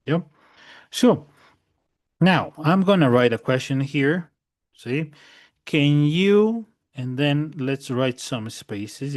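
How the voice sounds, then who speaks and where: A man's voice: mid-range voice, a little mellow, no echo, clean studio sound. A man teaching a language class online. He repeats each point patiently and keeps checking that his students understand.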